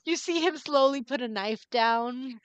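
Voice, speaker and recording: A woman narrating a tabletop game as dungeon master, relaxed and often giggling. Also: high voice, measured pace, clean tone, dry recording. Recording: dull, muffled stream audio.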